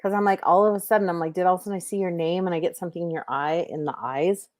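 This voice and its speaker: A woman's voice: on the low side, fairly even intonation, racing, darkish tone, no echo, clean studio sound. A middle-aged woman hosting a livestream, chatting casually with viewers and giving intuitive readings, rambling with many fillers and restarts.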